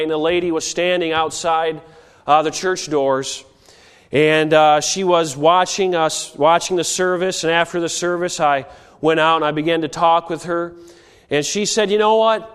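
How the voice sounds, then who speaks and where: A man's voice: on the high side, clean tone, big-room sound. A man with a cold, preaching an earnest missionary sermon with frequent hesitations and rising calls to action. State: has a cold.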